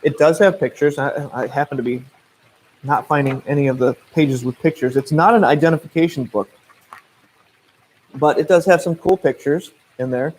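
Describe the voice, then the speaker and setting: A man in his thirties with a Midwestern US accent, working as a naturalist and answering viewer questions in a relaxed, chatty way full of fillers and restarts. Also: fairly high pitch, normal speed, slight background noise, low-quality recording. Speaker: naturalist guide. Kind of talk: casual livestream Q&A.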